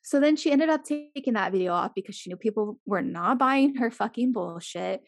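A woman's voice: a little high, animated, moderate pace. A woman chatting casually as a podcast co-host, full of "like" fillers and blunt swearing. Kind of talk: casual chat.

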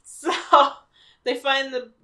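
A woman podcast host casually recapping a cartoon episode, deadpan and quick to laugh. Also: sits high. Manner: laid-back, deadpan, laughs often.

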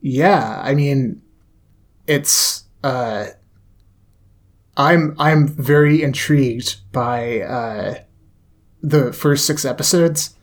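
A man talks casually as a podcast co-host. He sounds laid-back, pausing often with ums and uhs as he works out his thoughts. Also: medium pitch. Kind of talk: casual chat.

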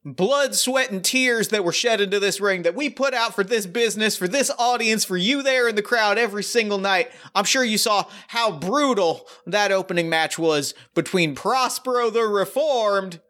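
A showy cowboy wrestling promoter, put on by a man running a tabletop game, working the crowd in a thick Southern drawl. His voice rides high above his usual register, bright and ringing. He leans hard into every line like a carnival barker. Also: moderate pace, hardly any pauses. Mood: hyped showman. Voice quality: booming showman drawl.

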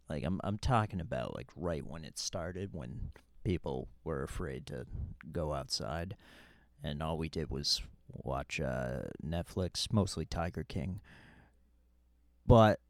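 A man hosting a casual podcast who talks slowly and rambles, stumbling over his words as he starts sentences over. His pitch swings widely, so his delivery sounds animated even at a relaxed pace. The recording is dry and close, with no room sound. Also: no room sound. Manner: rambling, with many restarts and stammered repeats. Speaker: podcast host. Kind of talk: casual chat.

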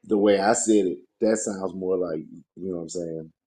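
A man's voice: low voice, fairly even intonation, moderate pace, dark tone. A man co-hosting a casual podcast, teasing his co-host and pressing the same point over and over. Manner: teasing, repeats points insistently.

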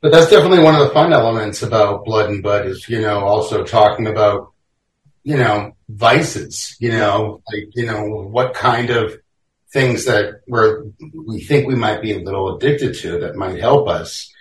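A man's voice: lowish voice, normal speed, recorded from a distance. A man co-hosting a podcast, rambling casually with plenty of fillers. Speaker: podcast co-host. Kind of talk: casual chat. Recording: roomy echo.

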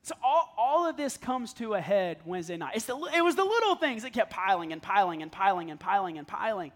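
Speaking in a sing-song way, a little quickly, a man in his thirties delivers a conversational sermon. His pitch sits high and his tone is fairly bright, and as a pastor he pokes fun at himself, tells stories, and laughs often.

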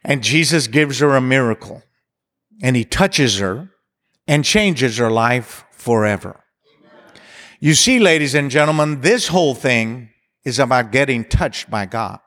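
A man's voice: medium pitch, lively intonation, a little slow, fairly bright tone, big-room sound. A man preaching a sermon, building to passionate appeals and mixing in humor. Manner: preaching with rising intensity and leading songs. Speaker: pastor.

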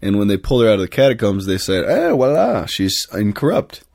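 A man's voice: lowish voice, quick pace, a little mellow, no echo, clean studio sound. A man who is a priest, chatting casually on a podcast and telling rambling stories with plenty of fillers and self-corrections.

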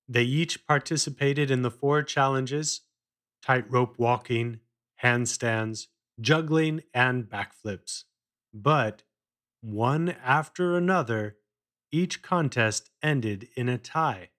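A man narrating a children's story in a measured read-aloud style. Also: mid-range voice, fairly bright tone.

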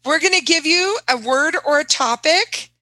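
High bright lady hosting a call game, gushing, dry sound. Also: animated, normal speed, no room sound, low-quality recording. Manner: cheerful, effusive praise. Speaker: game host.

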